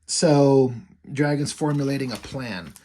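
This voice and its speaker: Man, casual comic review vlog, swears a lot, laughs easily, average pitch. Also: unhurried, mellow. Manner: casual, profane, laughs often.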